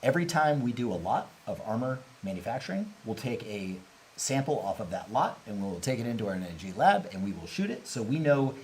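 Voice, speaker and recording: A man's voice: medium pitch, very animated, a little fast, darkish tone, slight background noise, poor audio. Candid, chatty man on a livestream. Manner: candid, rambling, laughs easily. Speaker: host, company representative. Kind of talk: casual livestream chat.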